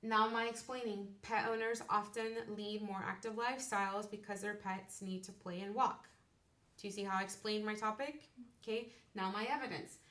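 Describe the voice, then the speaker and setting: A woman teacher gives a step-by-step lecture and keeps checking in with her students. Her voice sits at a middle pitch. She sounds distant from the mic, in an echoey classroom. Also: steady tone, normal speed, fairly bright tone. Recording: roomy, distant classroom recording.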